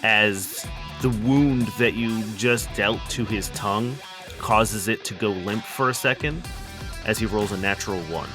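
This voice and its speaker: A man narrating a tabletop game as game master, quick and lively, laughing now and then. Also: lowish voice, music in the background.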